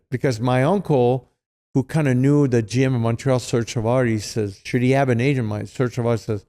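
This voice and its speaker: Speaking at normal speed in a mid-range voice, a middle-aged former hockey player guests on an interview and spins casual stories. He's a native French speaker with a French-Canadian accent. Animated and filler-heavy, he performs the voices of the people he quotes.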